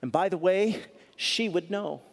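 A male pastor preaching a sermon in a church, moving between loud punchy lines and soft, earnest asides as he tells a story. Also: high voice, measured pace, gravelly, in a large hall.

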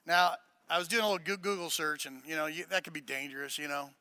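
A man preaching a sermon, mixing casual joking asides with loud, emphatic preaching. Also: on the high side, steady tone, quick pace, clean tone, no echo. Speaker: pastor.

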